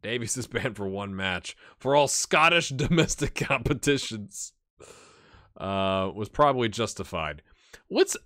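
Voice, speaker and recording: A man's voice: on the low side, lively intonation, unhurried, sharp tone. A man hosting a casual let's-play video, chatting and rambling to his viewers as he plays. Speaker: gaming channel host.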